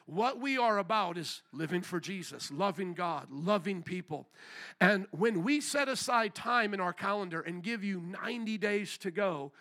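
A man's voice: high-pitched, animated, normal speed, pushed and bright. A man, a pastor, preaching a sermon in a blunt, emphatic way and repeating his key phrases.

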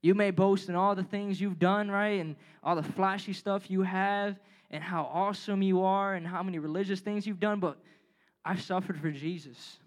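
A man's voice: sits high, fairly even intonation, moderate pace. A young man giving a casual, joking youth sermon, reading scripture aloud with emphasis and talking in slang to his listeners. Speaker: youth preacher.

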